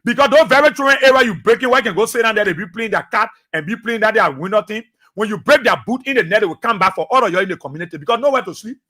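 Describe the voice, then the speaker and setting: Rapid-fire and fiery, a Liberian man speaks on a radio talk show in a very high, bright, forceful voice with a Liberian English accent. Preaching at his listeners, he repeats brief phrases again and again to press each point.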